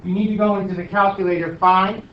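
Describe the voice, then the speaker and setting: Guy teaching algebra, jokey stickler, kinda high voice, echoey classroom, muffled far-off sound. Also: fairly even intonation, quick pace, noisy background. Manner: joking, teasing stickler. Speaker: math teacher. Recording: roomy, dull, from across the room.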